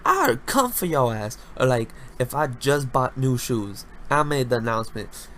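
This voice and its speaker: A young man hosting a casual solo podcast, talking loudly with lots of slang and swearing, jumping between high-pitched bursts and low mutters. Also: a little slow, a little hiss or hum. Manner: loud, animated, slangy, swears freely. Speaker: podcast host.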